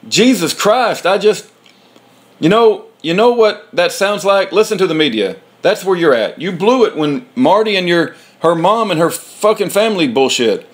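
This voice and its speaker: A man's voice: high voice, lively intonation, measured pace. A man reading a transcript aloud in a heated, profane rant, breaking into short laughs.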